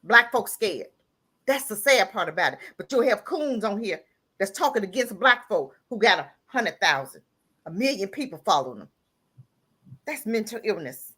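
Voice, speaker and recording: Very animated and husky, with a sharp tone at normal speed, this caller's voice carries a heated rant on a live talk show. She keeps repeating lines, bursts into laughter, and raises her pitch until she sounds close to crying.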